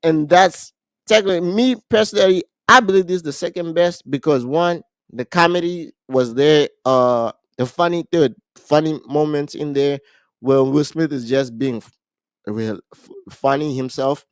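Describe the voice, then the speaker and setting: A man with a somewhat high voice retells a movie plot on a casual podcast, animated and restarting his sentences often. The sound is dry and close. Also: normal speed, no echo. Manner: animated storytelling with frequent restarts. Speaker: podcast co-host.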